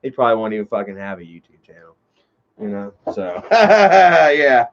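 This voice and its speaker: A man telling a long, rambling story on a livestream, swearing freely and filling every pause with "you know" while greeting viewers in chat. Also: medium pitch, big pitch swings, gravelly. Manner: profane, heavy on fillers like "you know". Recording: dull lo-fi livestream audio.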